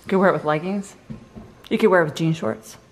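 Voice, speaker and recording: Chatty, upbeat middle-aged mom vlogger. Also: female voice, fairly low pitch, fast. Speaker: family vlogger, mother. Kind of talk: casual vlog chat.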